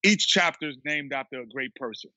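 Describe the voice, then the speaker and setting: A man being interviewed who tells a story in a lively way, laughing and acting out what other people said. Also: medium pitch, a little fast, no room sound, muffled recording. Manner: animated storyteller who acts out quotes, laughs often. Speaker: guest, former basketball player and TV analyst. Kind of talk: casual storytelling chat.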